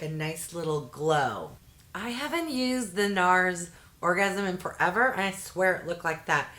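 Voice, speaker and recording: Middle-aged woman vlogger, unhurried, casual, cheerful asides, slightly low voice. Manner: chatty, easily delighted, jokey asides. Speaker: unboxing vlogger. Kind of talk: casual product unboxing chat.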